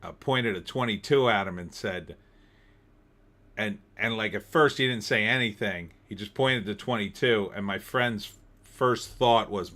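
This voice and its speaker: A man with a fairly low voice hosts a relaxed livestream. He chats loosely about his week and reads viewer comments aloud as he goes. He sounds middle-aged and is from New Jersey. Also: normal speed. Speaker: livestream host. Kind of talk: casual livestream chat reading comments.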